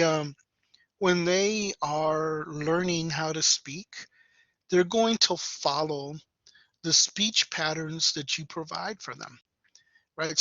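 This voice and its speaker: A man's voice: fairly high pitch, sharp tone, dry recording. A man giving a classroom lecture in a conversational way, often checking in with "right?". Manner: conversational, tags sentences with "right?". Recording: dull lecture recording.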